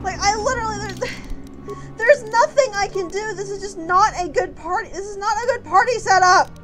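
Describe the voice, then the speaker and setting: A very high-pitched woman streams a game and vents her frustration in loud, profane bursts. Game music plays clearly beneath her voice. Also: normal speed, rough recording. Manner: angry profane ranting, loud outbursts. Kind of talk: live gameplay commentary.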